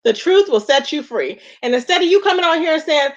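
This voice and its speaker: Woman live-stream host, high voice, sassy and exasperated, dull lo-fi audio. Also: expressive, brisk, few pauses. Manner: sassy, exasperated, rhetorical, greets chat viewers with endearments.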